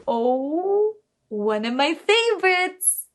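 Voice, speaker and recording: A woman teaching young children, speaking slowly and in a sing-song way, switching between English and Spanish. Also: sits high, sing-song, noisy background. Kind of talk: bilingual kids' lesson.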